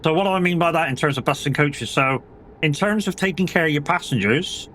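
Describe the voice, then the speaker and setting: A man's voice: on the high side, brisk, a bit bright, slight background noise. A young British man streaming a driving game, chatting casually and swearing through rambling stories about old jobs. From United Kingdom. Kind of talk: casual chat while gaming.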